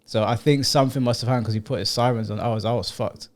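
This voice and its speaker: A man's voice: medium pitch, fast talker. A young man, co-hosting a podcast and telling stories bluntly and with lots of swearing. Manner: blunt, swearing, animated storytelling. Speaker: podcast co-host. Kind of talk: casual chat.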